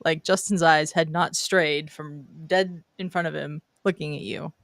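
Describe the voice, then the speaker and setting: A woman's voice: deep voice, fairly even intonation, unhurried, a bit bright, no room sound, studio quality. A woman hosting a casual talk show, giving short affirming replies and reading out viewer comments. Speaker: host. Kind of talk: casual chat.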